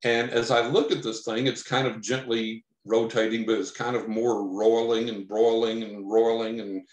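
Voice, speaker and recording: A man from Texas tells a long first-person story as a podcast guest, and he gets animated when he acts out what he and others said. His voice sits at a middle pitch for a man. The recording has a roomy echo around it. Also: normal speed. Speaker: podcast guest, psychic investigator.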